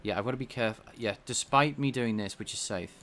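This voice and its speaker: A man with a slightly nasal voice, thinking out loud as he codes live and talks to his chat. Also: medium pitch, brisk, a little hiss or hum. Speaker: game developer streaming his coding. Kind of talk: casual live-coding chat.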